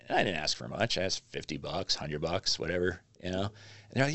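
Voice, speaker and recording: A man's voice: low voice, fairly quick, gravelly, dry recording. A man, a magazine publisher, casually telling stories as a podcast guest and acting out what people said. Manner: animated storyteller acting out quotes. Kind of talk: casual storytelling interview.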